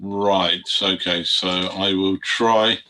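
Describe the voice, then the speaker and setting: A man with a low, bright voice speaks slowly and hesitantly. He sounds a little away from the mic, as on a video call. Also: steady tone.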